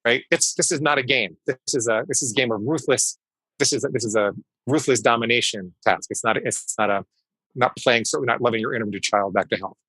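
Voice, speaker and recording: A man's voice: medium pitch, fairly quick, pushed and bright, breathy edge, no room sound, rough recording. A man in his fifties, a psychologist guest in an interview, explaining things emphatically and repeating key phrases. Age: 50s. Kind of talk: conversational interview storytelling.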